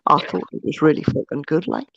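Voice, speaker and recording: A woman's voice: low voice, animated, brisk, gravelly, slightly rough. A woman co-hosting a live stream in casual chat, laughing, swearing cheerfully and poking fun at herself. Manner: laughing, swearing, self-deprecating. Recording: dull lo-fi stream audio.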